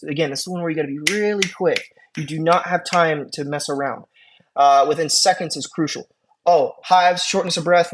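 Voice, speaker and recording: A man teaching an emergency medicine class, talking casually with quick asides and questions to his students. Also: on the high side. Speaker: EMS instructor. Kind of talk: classroom lecture.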